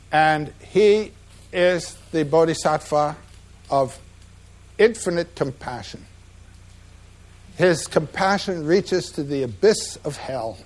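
A man giving a measured, reflective lecture about slides, pausing often with "uh" between phrases. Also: a little high. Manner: measured, reflective, with frequent pauses and "uh" fillers.

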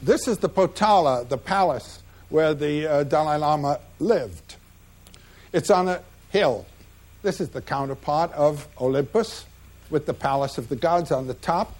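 A man giving a measured, reflective lecture about slides, pausing often with "uh" between phrases. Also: a little high, darkish tone. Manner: measured, reflective, with frequent pauses and "uh" fillers.

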